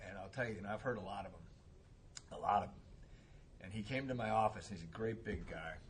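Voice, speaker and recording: A man speaking at a recovery meeting, telling a personal story in a casual, animated way and laughing often. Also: on the low side, brisk, a little hiss or hum. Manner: animated, laughs often, acts out voices in quotes.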